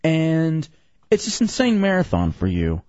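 A man hosting a radio show, teasing his co-hosts in animated casual banter. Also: on the high side, unhurried, dry recording. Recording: dull lo-fi radio recording.

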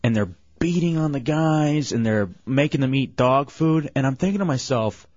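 With an ordinary pace and a slightly mellow, medium-pitched voice, a man hosts a radio program, kidding around with callers and his team. Playful and quick to laugh, he reads out the phone number during the casual morning chatter. The studio microphone recording has no echo but sounds dull and lo-fi.

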